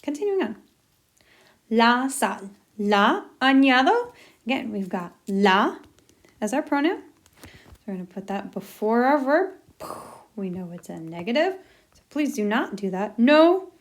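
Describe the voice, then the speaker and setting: A woman teacher walking through a recorded lesson step by step, upbeat and encouraging. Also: medium pitch.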